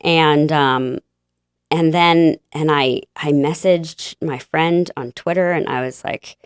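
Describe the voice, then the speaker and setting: A woman guest telling a personal faith story in an interview, halting and emotional, with many fillers and restarts. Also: deep voice, fairly even intonation, smooth, no room sound, studio quality.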